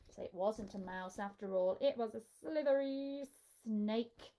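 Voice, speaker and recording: Woman doing kids storytime, high-ish voice, slow and super expressive, gets kids to join in. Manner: animated, expressive, coaxing children to join in. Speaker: children's entertainer reading a story. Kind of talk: live storytime reading for kids.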